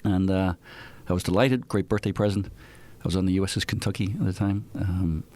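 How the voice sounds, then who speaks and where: A man's voice: sits low, level tone, brisk, darkish tone. A man in his fifties with an Irish accent, a guest telling chatty stories in an interview. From Ireland. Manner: chatty anecdotal storyteller. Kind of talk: casual interview storytelling.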